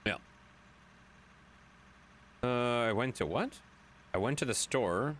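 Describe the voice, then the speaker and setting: A man's voice: mid-range voice, lively intonation, slow pace, long pauses, a bit bright, a little hiss or hum. A man streaming a game late at night, reading chat aloud in a chatty way, swearing now and then.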